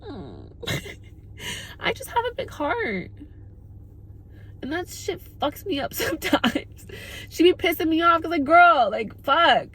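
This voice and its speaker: A woman's voice: very high voice, very animated, slow pace, pauses often, a bit bright, slight background noise. A woman in her twenties talking to camera in a candid girl-talk monologue, emphatic, with frequent swearing and "like" fillers. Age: 20s. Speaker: vlogger.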